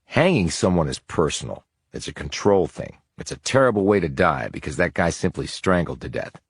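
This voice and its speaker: A man's voice: low-pitched, moderate pace, breathy edge, no room sound, clean studio sound. A man whispering as a blunt FBI investigator. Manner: flat, blunt, calm. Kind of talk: whispered role-play.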